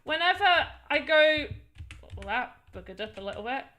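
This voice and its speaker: A woman's voice: sits high, expressive, moderate pace, pushed and bright. A woman streaming as she builds a game, thinking aloud and exclaiming at what happens on screen. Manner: thinks aloud while testing her game. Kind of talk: casual live-stream chat.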